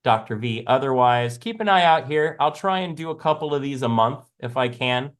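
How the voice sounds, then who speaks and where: A man's voice: medium pitch, expressive, normal speed. Jokey rambling man hosting a live show. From American South. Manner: rambling, jokey, laughs often. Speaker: live trading show host. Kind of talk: casual chat on a live stream.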